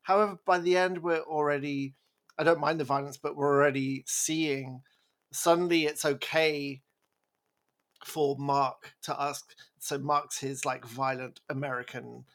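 A podcast co-host, a man with a fairly high voice, talking loosely and animatedly in an everyday chat. He rambles, jumps between thoughts and breaks into laughs often. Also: steady tone, measured pace. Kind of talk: casual chat.

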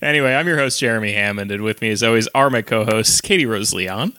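A man's voice: fairly low pitch, lively intonation, quick pace, sharp tone, dry recording. A man hosting a casual comedy podcast, playful and teasing, laughing often. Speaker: podcast host.

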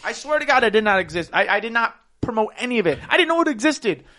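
Young man, podcast co-host, loud animated storyteller, high voice. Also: quick pace. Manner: loud, animated storytelling, swings between shouting and muttering. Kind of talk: casual podcast banter.

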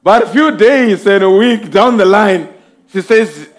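Taking his time with every phrase, this man preaches in a high voice straight to the congregation. He drives his points home slowly and emphatically, in rising and falling swells.

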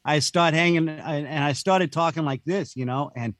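A man's voice: a little high, normal speed, fairly bright tone, dry recording. A man talking as a podcast guest in a casual, rambling chat, laughing often and saying "dude".

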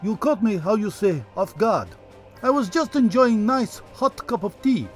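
A man voicing a smug male Russian state-media correspondent, in a put-on Russian accent with broken, deadpan English in a comedy sketch. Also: sits high, measured pace, faint music behind.

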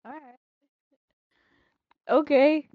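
A woman's voice: high voice, fairly even intonation, very slow, no room sound, narrow, tinny audio. A woman co-hosting a casual podcast chat, teasing and swearing at her friends, then apologizing. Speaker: podcast co-host.

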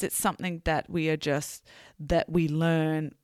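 A woman's voice: low voice, level tone, measured pace, few pauses, darkish tone, no room sound, clean studio sound. A woman from Australia, hosting a podcast and speaking frankly while thinking aloud. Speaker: podcast host. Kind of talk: podcast conversation.

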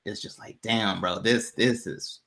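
A man casually telling a personal story to a co-host, in a laid-back, slangy way that turns animated when he quotes people. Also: on the low side, unhurried, gravelly.

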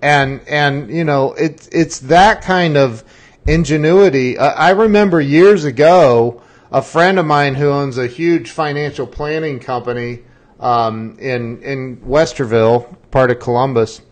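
A man hosting a podcast interview, talking in halting starts and telling stories with animation. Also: mid-range voice. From Ohio, US. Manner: halting, many restarts, animated storytelling. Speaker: podcast host. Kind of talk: casual interview chat.

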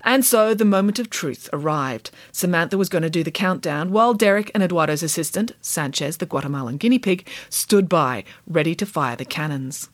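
A woman's voice: lowish voice, lively intonation, brisk, hardly any pauses, no room sound. A woman reading a children's storybook aloud, narrating with wry, playful asides to the listener.

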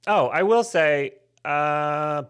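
A man's voice: on the high side, drawn-out words, fairly bright tone, smooth. A man co-hosting a comedy podcast, chatting casually in a rambling, self-mocking way and swearing freely. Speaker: podcast co-host.

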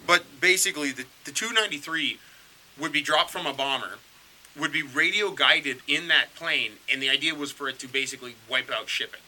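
A man co-hosting a podcast, telling a history story in a crude, profane, animated way. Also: fairly high pitch, brisk, poor audio. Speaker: podcast co-host.

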